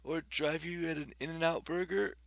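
A man's voice: fairly even intonation, normal speed, fairly bright tone, no room sound. A man voicing a serious young warrior woman. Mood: incredulous. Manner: raised pitch for a female role.

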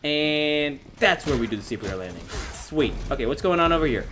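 A young man giving excitable, self-mocking gameplay commentary as a gaming YouTuber, often laughing at himself. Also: fairly high pitch, brisk, slight background noise.

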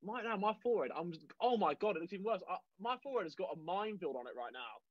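A high-voiced young man from Guernsey co-hosts a casual chat show. He talks quickly with a lively, bouncing pitch, rambles and laughs at himself. The audio is dull and lo-fi. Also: no echo. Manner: rambling, laughs often, self-deprecating. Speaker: podcast co-host.

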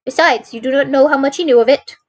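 Woman doing boastful male police detective, eager telling, storybook reading, fairly high voice. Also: fast talker, lightly acted.

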